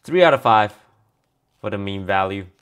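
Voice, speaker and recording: A man's voice: fairly low pitch, lively intonation, moderate pace, fairly bright tone, smooth. A man streaming a card review in casual commentary, reading card text aloud and answering viewers offhandedly.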